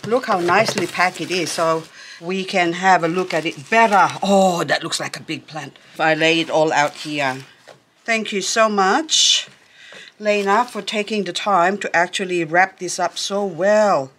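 A woman hosting a plant unboxing vlog outdoors in the sun, excitable and gushing with frequent exclamations. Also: on the low side, unhurried, slight background noise. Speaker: plant vlogger. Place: outdoors in sunlight.

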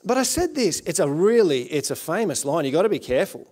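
A man's voice: a little high, big pitch swings, fast, darkish tone. An Australian man preaching as a guest pastor, telling his own story in an earnest, conversational way, with many fillers. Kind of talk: sermon with personal testimony. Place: church service.

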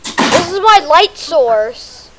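High-voiced young gamer, excitable. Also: female voice, very slow, noisy background. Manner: excited, bossy about the game. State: a little sick. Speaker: gamer host. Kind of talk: casual game chat.

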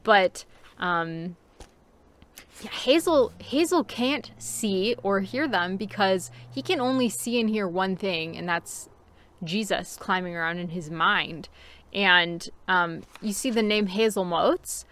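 A woman talks through a novel in a relaxed book-review chat. Her voice sits at an ordinary middle pitch. She muses aloud with plenty of fillers and easy laughs. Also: takes it slowly. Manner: chatty and musing, with frequent fillers and laughs.

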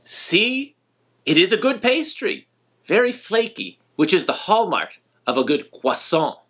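A man hosting a vlog, telling a nostalgic personal story in a gentle, reflective way. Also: high voice, very animated, measured pace, husky. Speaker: vlog host.

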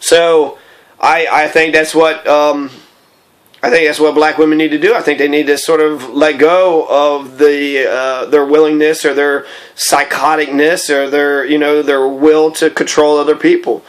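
A man's voice: fairly high pitch, level tone, a little slow. A man in an angry, profane, rambling personal monologue.

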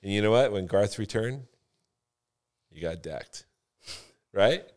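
A man who is a guest on a casual podcast, teasing the hosts and explaining things with animated storytelling. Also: fairly low pitch, slow. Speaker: podcast guest, car business veteran.

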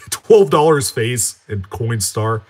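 A man with a medium-pitched voice speaks slowly while hosting a casual live stream for his coin collecting channel. He's relaxed and conversational, greeting viewers by name, reading out and answering their comments, and wandering from point to point. His speech is full of fillers, restarts and self-corrections.

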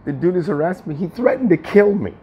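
A man's voice: high voice, animated, a little fast, dull audio, a little hiss or hum. A man venting in a personal vlog from his apartment, aggrieved and repetitive, often swearing. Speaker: tenant vlogger. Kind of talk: agitated personal vlog rant.

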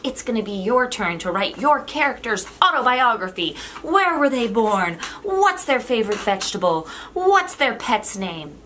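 A woman teaching an online drama lesson for kids, talking in a playful, demonstrative way and sliding between high and low to show what a voice can do. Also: big pitch swings, moderate pace, few pauses, bright, forceful tone, slight background noise.

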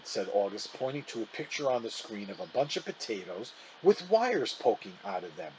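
A man reading a children's novel aloud in an animated storytelling manner. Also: on the low side, moderate pace, slight background noise, low-quality recording.

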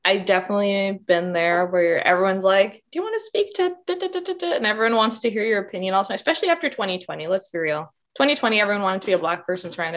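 A woman's voice: mid-range voice, a bit bright, highs cut off. A woman speaking as a panelist in a candid discussion, passionate and outspoken. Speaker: workshop panelist.

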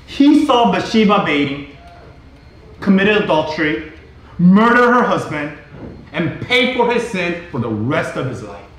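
A middle-aged male pastor preaching a sermon in a church, emphatic and repetitive, at times rising to shouts. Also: high voice, very animated, measured pace, a little hiss or hum. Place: church sanctuary. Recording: very echoey hall.

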